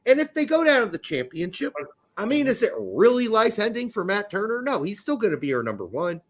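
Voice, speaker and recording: A man's voice: high voice, brisk. A man co-hosting a casual soccer podcast, joking and swearing freely as he talks. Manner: profane, joking, animated. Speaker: podcast co-host. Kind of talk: casual sports chat.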